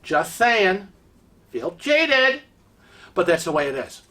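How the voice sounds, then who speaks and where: Chatty man with a bright voice. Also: high voice, sing-song, slow pace. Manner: chatty, rambling, with many fillers. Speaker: cruise vlogger. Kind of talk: casual storytelling.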